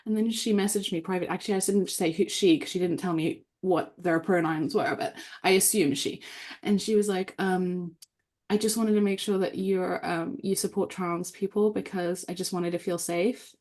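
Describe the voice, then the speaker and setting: Chatty woman guest with a lowish voice. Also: moderate pace. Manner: chatty and animated, full of fillers. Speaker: guest author. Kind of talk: casual podcast chat.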